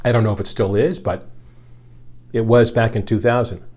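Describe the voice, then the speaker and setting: A man's voice: lowish voice, fairly even intonation, normal speed, a little mellow. A middle-aged man, a radio journalist, spinning a casual, meandering yarn full of asides. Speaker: radio journalist telling a story. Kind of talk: casual storytelling.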